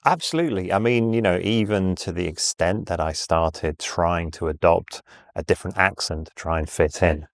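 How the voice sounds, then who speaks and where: A middle-aged man with a Southern English accent, telling anecdotes in a measured, conversational interview way. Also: deep voice, no echo, clean studio sound. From England. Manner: measured, anecdotal, with frequent ums and restarts. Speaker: interview guest, sales executive.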